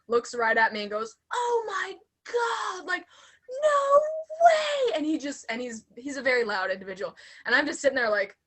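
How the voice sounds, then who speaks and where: A young woman chatting casually as a guest, telling a story with lively acted-out quotes. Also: a little high. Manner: animated storyteller, acts out quotes. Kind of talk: casual chat.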